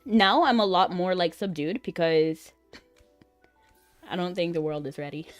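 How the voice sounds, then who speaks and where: A woman chatting casually as a gaming streamer, excitable and rambling, often giggling. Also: on the low side, a little slow, no echo, faint music behind.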